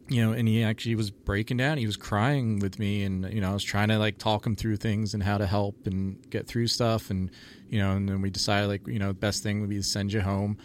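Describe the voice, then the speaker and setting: A man's voice: on the low side, little pitch movement, brisk, a little hiss or hum. A man, a paranormal TV investigator, telling stories in a rambling casual chat full of "like" and "you know".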